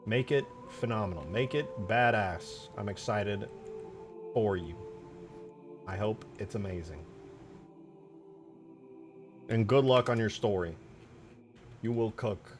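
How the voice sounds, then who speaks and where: A young man live-streaming his game modding, chatting casually with viewers and breaking into loud, goofy shouts. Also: on the low side, takes it slowly, pauses often, music in the background. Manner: excitable, jumps to loud shouts and goofy banter. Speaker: livestreaming game modder.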